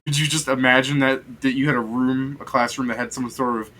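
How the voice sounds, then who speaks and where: Bright-voiced young man telling a rambling story. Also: medium pitch, steady tone, a little fast. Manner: rambling storyteller, heavy swearing and laughter. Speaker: game master. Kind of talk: casual chat between game sessions.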